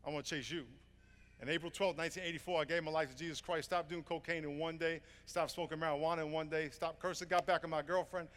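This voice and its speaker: A man in his fifties preaching to a full room with earnest, fervent storytelling. His voice sits high for a man, and the sound rings with a long hall reverb. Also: flat delivery, quick pace, few pauses, fairly bright tone. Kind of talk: evangelistic sermon. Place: large room with audience.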